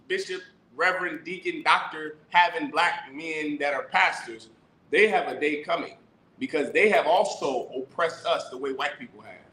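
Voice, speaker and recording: Man, preacher, emphatic, rhetorical questions, somewhat high voice, forceful tone, echoey room with faint rumble. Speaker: teacher of a religious class. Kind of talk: sermon-style scripture teaching.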